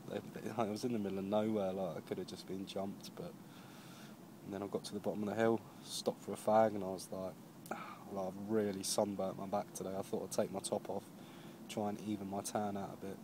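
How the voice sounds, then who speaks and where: A man's voice: on the low side, flat delivery, brisk. A young man from Jersey, a touring cyclist, telling a rambling casual video-diary story outdoors, worn out after a long day's ride. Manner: rambling storytelling, lots of "and I was like". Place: outdoors at a roadside camp. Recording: noisy outdoor camera recording.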